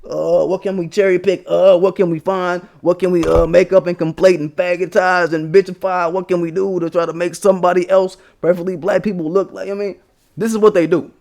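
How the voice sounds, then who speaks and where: A man's voice: high voice, level tone, brisk, vocal fry, a little mellow. A young man from the United States, hosting a livestream, ranting about politics in a profane, emphatic way with scornful laughs. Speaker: livestream host. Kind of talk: casual political rant.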